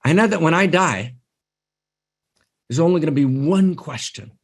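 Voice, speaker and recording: A man's voice: fairly high pitch, lively intonation, moderate pace. A man quoting a dying old Hasidic master who weeps and asks himself pleading questions, told within a spiritual talk.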